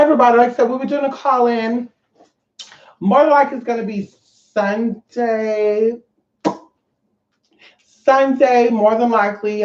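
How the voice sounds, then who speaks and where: A woman vlogger talking to her viewers in a brash, profane, rambling rant. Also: medium pitch. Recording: roomy, dull lo-fi sound.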